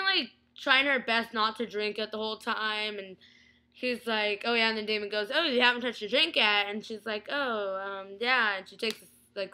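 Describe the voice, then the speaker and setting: A young woman records a casual fan review vlog into her webcam. Her voice sits a touch high and rings very bright. She gushes excitedly, peppering everything with "like" and "oh my God". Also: rough recording. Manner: gushing, excitable, lots of "like" and "oh my God". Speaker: TV episode reviewer.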